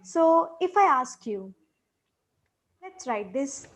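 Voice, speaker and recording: Patient female English teacher with a fairly high voice and an unhurried delivery, demonstrating tones. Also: sing-song. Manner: patient, repeats example sentences with exaggerated rising and falling tones. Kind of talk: micro-lesson on intonation.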